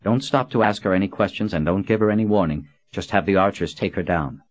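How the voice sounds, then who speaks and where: A man voicing a composed, authoritative noblewoman in an audiobook, in a low-key voice close to his own. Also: fast, no echo, dull audio, lightly acted. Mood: cold commanding. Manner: calm and authoritative. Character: composed noblewoman, commanding and gentle. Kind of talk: audiobook character voice.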